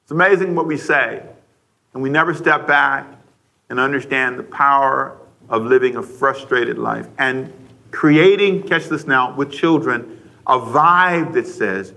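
A man preaching a radio sermon, talking straight to the listeners with a stream of questions and now and then acting out a frustrated parent with a sudden loud outburst. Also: mid-range voice, measured pace, gravelly. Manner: conversational, asks the listeners many questions.

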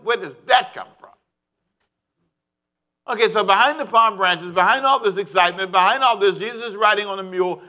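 A male pastor preaching a sermon, animated and calling on the congregation to answer back. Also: high-pitched.

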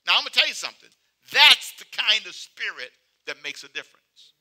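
A man preaching a sermon, with emphatic, repetitive call-and-response phrasing that swings between loud exhortation and quiet asides. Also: high voice, very animated, a little fast.

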